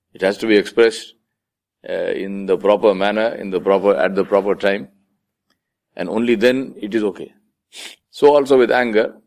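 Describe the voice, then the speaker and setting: A man's voice: on the low side, a little mellow. A man giving an Islamic lecture in a conversational way, now and then acting out the voices of the people he quotes. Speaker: Islamic speaker. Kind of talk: sermon lecture.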